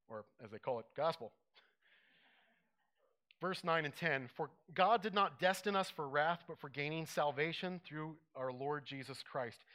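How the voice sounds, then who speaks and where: A man preaching a sermon, conversational and animated, acting out little quotes as he teaches. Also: fairly high pitch. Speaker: pastor.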